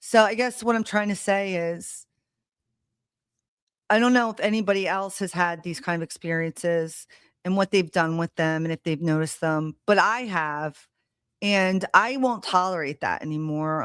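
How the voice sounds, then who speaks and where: A woman with a fairly low, clear and resonant voice speaks at a moderate pace during a live stream, her setup mic giving clean studio sound without echo. Casually addressing viewers, she tells a personal story with blunt heat and plenty of swearing.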